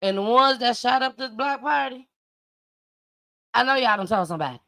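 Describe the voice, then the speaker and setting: A woman's voice: fairly high pitch, animated, moderate pace, vocal fry, a bit bright. A woman hosting a commentary show, reacting to news clips with emphatic, repetitive advice to parents. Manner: emphatic, preachy, repeats her points. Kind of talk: casual commentary.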